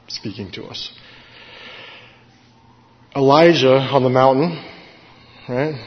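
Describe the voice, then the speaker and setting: A man teaching a Bible study in a casual, explanatory way, with many fillers and self-corrections. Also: mid-range voice. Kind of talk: conversational Bible study sermon. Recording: echoey hall, dull lo-fi sound.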